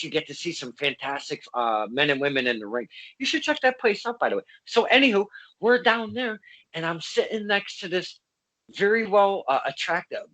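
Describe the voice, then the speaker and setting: A man hosting a casual interview over a video call, excitable and swearing freely. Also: a little high, rough recording. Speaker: host.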